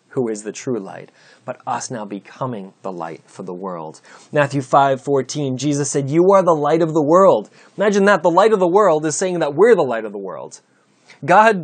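A man preaching a sermon, reading scripture aloud and explaining it with rising emphasis. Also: medium pitch. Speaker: pastor.

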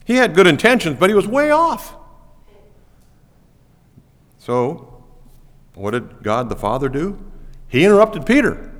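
A man preaching a sermon as pastor, lively and animated, laughing now and then. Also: high-pitched, measured pace, long pauses. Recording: long reverb of a church hall.

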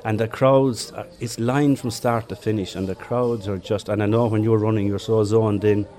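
An older man with a Limerick Irish accent recalls old races in an easy, chatty way. His voice sits low and mellow, with a dark, soft tone. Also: fairly even intonation, normal speed. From Ireland. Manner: chatty anecdotes with chuckles. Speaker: interviewee, former marathon runner. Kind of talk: relaxed storytelling.

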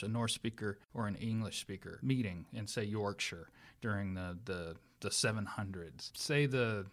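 Man lecturing eagerly on language history. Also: lowish voice. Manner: enthusiastic lecturing with many restarts. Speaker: guest expert on English language history. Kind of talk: explanatory academic talk.

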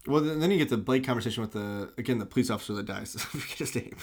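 A man's voice: medium pitch, racing, breathy edge. A man in casual podcast chat, recapping a film with laughter and loose impressions of its characters. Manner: animated, laughing, acts out movie lines in loose impressions. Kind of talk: casual movie discussion.

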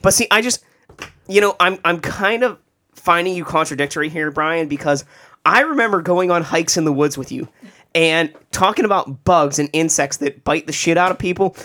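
A man's voice: on the high side, moderate pace, sharp tone. Teasing man firing off crude questions. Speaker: podcast co-host. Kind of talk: casual chat.

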